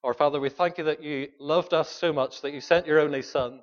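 A man's voice: on the high side, steady tone, brisk. Male pastor, earnest sermon delivery, lo-fi church recording. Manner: earnest, pleading, questions the congregation.

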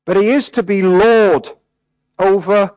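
A man preaching a sermon, emphatic, dropping to hushed words and then rising again. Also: high voice, steady tone, slow, smooth, dry recording, rough recording. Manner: emphatic, swinging between hushed and raised.

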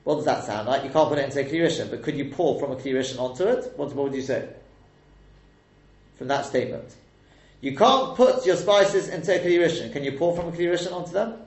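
A man's voice: medium pitch, quick pace, darkish tone. A man teaching a text lesson, explaining step by step and quizzing his listeners with rhetorical questions. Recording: echoey room.

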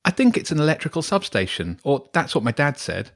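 A man's voice: sing-song, a little fast. A man voicing an eager, chatty schoolboy in a slightly raised voice for a bedtime story. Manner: eager, higher voice.

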